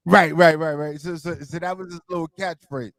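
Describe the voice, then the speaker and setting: A man from New York hosts a relaxed radio chat with a slightly high voice. He laughs often and repeats himself as he thinks aloud. The sound is close and dry. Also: normal speed, no echo. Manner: loose, laughing, repeats words. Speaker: radio show host. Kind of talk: casual interview chat.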